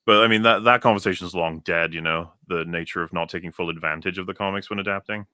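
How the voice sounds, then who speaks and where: Low-ish guy, bright edge, talks fast with strong opinions. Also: fairly even intonation, smooth, dry recording, clean studio sound. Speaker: podcast co-host. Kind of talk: casual chat.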